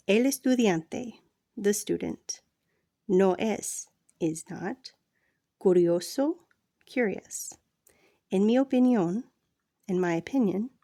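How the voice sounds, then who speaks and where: A woman reading a language textbook aloud as a read-along lesson, slow and deliberate, with casual asides to the listener. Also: mid-range voice, vocal fry, mellow, no echo, studio quality.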